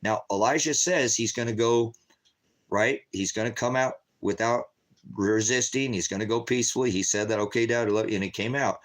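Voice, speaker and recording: A man's voice: mid-range voice, normal speed, a bit bright. An agitated man addresses his livestream viewers in a rambling monologue. He swears in nearly every sentence and keeps repeating himself. His delivery is raw and unscripted. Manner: agitated, heavily profane, repetitive. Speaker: ministry livestreamer.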